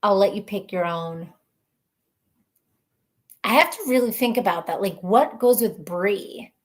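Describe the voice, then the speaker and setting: Woman, live-stream host, casual chat, rambling, laughs a lot, mid-pitched voice. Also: unhurried. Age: adult mother of children. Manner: chatty and rambling, laughs often, thinks out loud. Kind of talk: casual live-stream chat, reading viewer comments aloud.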